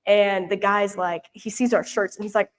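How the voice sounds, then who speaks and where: A woman's voice: medium pitch, steady tone, moderate pace. Chatty young woman from Louisiana. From Louisiana, US South. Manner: chatty and rambling, many fillers and restarts. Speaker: mission intern giving a report. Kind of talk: casual storytelling talk. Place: church prayer meeting, showing pictures.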